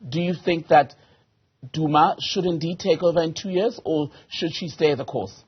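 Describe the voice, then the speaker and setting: A man's voice: on the high side, moderate pace, slightly rough, dull audio. A man, a news anchor putting direct, pointed questions to a guest in a live interview.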